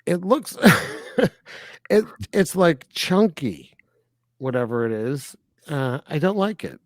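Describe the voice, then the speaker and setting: A man chatting casually on a film review podcast, his voice rising and falling in lively swings. He walks through each scene with quoted asides, and the dry, close sound has no room echo. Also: fairly high pitch, slow pace. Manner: animated, recaps scenes with quoted asides and laughs. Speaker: podcast co-host.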